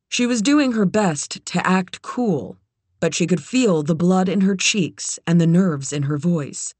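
Audiobook reader, middle pitch, even pace, super dry close mic. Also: a little slow, husky, no echo. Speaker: audiobook narrator. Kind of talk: scripted narration.

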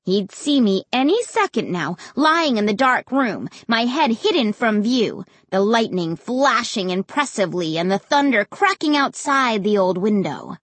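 A woman reading a first-person storybook aloud in an expressive, dramatic way. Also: fairly high pitch, unhurried, hardly any pauses, no room sound. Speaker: audiobook narrator.

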